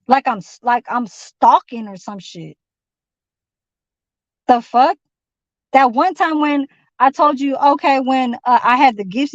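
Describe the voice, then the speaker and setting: High-voiced woman on a profane rant. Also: dry recording, muffled recording. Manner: rambling, profane, heated rant. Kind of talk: venting monologue.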